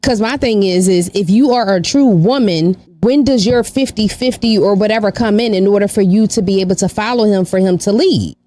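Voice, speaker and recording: A woman's voice: mid-range voice, a little fast, few pauses, mellow. A woman co-hosting a casual podcast, giving her views firmly. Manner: firm, opinionated. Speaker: podcast co-host.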